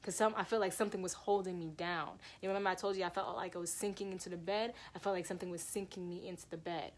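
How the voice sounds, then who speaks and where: A woman's voice: lowish voice, fairly even intonation, fast talker. A young woman casually telling a personal story to her viewers, rambling with many restarts and fillers. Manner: rambling, lots of "like" and restarts, addresses viewers as y'all.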